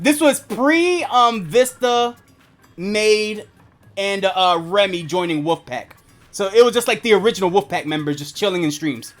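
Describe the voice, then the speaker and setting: A man's voice: high voice, a bit bright. A man streaming and casually telling a story to his chat, swearing often, laughing a lot and filling his talk with "like" and "um". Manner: profane, laughing, lots of filler words.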